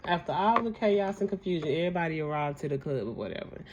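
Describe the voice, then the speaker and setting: A woman's voice: low-pitched, expressive, quick pace, lo-fi sound, background noise. A young woman hosting a casual reality show recap, blunt and heated, swearing freely.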